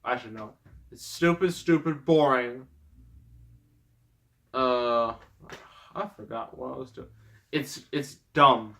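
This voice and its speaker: A man delivering a casual movie review rant at an unhurried pace, his voice sitting at an ordinary middle pitch. He sounds exasperated and rambling, trailing off and chuckling at his own complaints. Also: gravelly, sharp tone. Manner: exasperated, rambling, breaks into laughs. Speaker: movie reviewer, host of the show.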